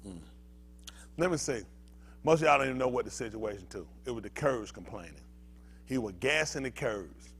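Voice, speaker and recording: A man's voice: mid-range voice, animated, moderate pace, vocal fry, long pauses, fairly bright tone, slight background noise. An older male pastor giving a fiery sermon, heated and emphatic, firing rhetorical questions at the congregation.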